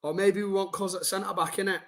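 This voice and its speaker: A man's voice: high-pitched, level tone, quick pace, a bit bright. A young man ranting bluntly and casually to his chat during a football live stream, swearing and using slang.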